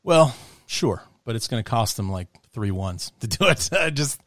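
A man's voice: mid-range voice, big pitch swings, normal speed, hardly any pauses, fairly bright tone, no echo, studio quality. A man hosting a podcast, chatting casually about football, rambling with frequent restarts and laughs. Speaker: podcast host. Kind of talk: casual sports chat.

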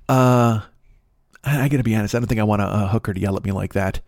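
Podcast host, male, profane rambling monologue, mid-pitched, breaks into songs and bits. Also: fast, a little mellow, no echo, clean studio sound. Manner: profane, rambling, bursts into singing and put-on voices. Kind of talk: crude comedic monologue.

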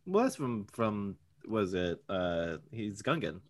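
A man, co-hosting a casual podcast, rambling and joking with quick asides. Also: lowish voice, sing-song. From Boston area. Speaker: podcast co-host.

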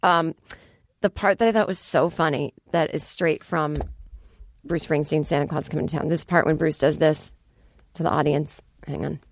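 A woman's voice: low-pitched, fairly even intonation, moderate pace. A woman hosting a comedy podcast, chatting in a rambling, self-deprecating monologue full of fillers, recorded in a podcast studio. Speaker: podcast host.

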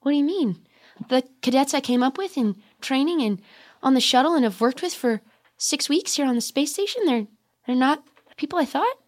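A woman playing a young female space cadet who rambles hesitantly and softly, full of fillers, in an improvised comedy scene. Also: high voice, expressive, fairly quick.

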